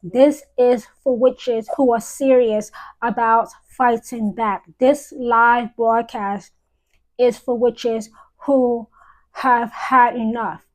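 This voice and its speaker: A woman speaking as a high priestess on a live stream, solemn and deliberate, repeating key phrases for emphasis. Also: fairly even intonation, low-quality recording. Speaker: witch giving a live-stream talk.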